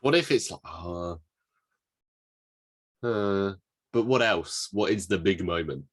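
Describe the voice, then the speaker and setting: A man's voice: low-pitched, slow pace. A man co-hosting a podcast in casual movie chat, playfully tossing out questions. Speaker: podcast co-host. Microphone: home microphone, remote call.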